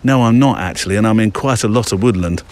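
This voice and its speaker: A man's voice: fairly low pitch, quick pace, darkish tone. Chatty man hosting on a country walk. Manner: chatty, rambling with many fillers. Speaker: podcast host. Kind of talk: casual walking monologue. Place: outdoors in woodland and countryside.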